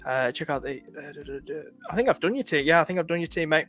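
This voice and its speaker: A man's voice: a little high, expressive, quick pace, fairly bright tone, faint music behind. A man from the north of England with a light northern accent, chatting casually on a live stream, stopping often to thank viewers. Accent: northern English, light. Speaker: livestream host.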